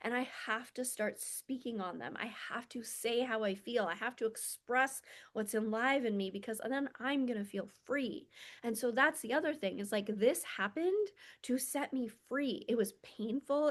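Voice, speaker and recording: A woman's voice: on the high side, normal speed. A woman coach talking in a casual, reflective monologue. She sounds earnest and confessional and uses many filler words. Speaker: spiritual self-development coach.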